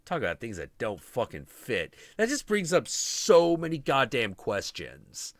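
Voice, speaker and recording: A man's voice: medium pitch, wildly swooping pitch, unhurried, no room sound. A man hosting a casual live stream, rambling sarcastically and swearing constantly while mocking film characters. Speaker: podcast host. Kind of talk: profane casual stream chat.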